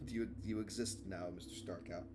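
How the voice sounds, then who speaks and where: A man's voice: lowish voice, fairly even intonation, unhurried, noisy background. A man running a tabletop game as game master, narrating and joking loosely with his players, now and then swearing.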